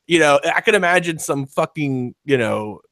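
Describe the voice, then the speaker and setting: A man's voice: on the high side, expressive, normal speed, fairly bright tone, no echo. Laughing, swearing male podcast host. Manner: profane, laughing, rambling. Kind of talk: casual chat.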